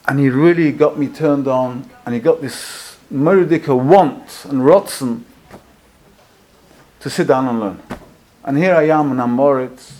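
Guy preaching a story, gets quiet then loud and emotional, normal pitch. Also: measured pace. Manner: emotive storyteller, swings between hushed and loud. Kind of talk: storytelling sermon.

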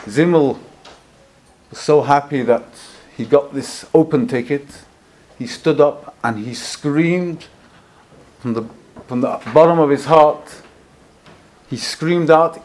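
A male preacher telling a story from the pulpit, with a voice that sits at an everyday pitch. He swings between hushed asides and loud, emotional peaks. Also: unhurried. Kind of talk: storytelling sermon.

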